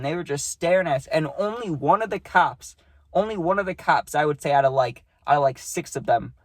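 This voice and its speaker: A man's voice: on the high side, no room sound. A man casually telling a story in a rambling way, with lots of fillers and tag questions, and blunt, profane wording.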